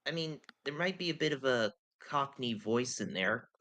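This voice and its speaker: A man playing in a tabletop game chats casually and hesitantly, with plenty of ums and uhs. His voice is bright and forward, and he often sounds a little off the mic. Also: medium pitch, expressive, moderate pace. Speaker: player. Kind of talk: casual table chat in character.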